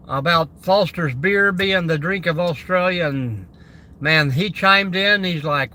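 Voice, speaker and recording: A man's voice: sits high, unhurried, pushed and bright. A man hosting a casual livestream about camping, rambling along and greeting viewers by name. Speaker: camping channel host.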